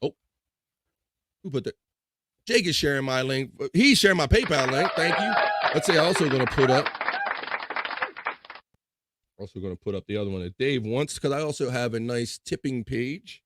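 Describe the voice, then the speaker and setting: A man's voice: mid-range voice, animated, a little fast, heavy background noise. A man hosting a casual live chat show, reading viewer comments aloud in a loose, upbeat way with playful filler sounds.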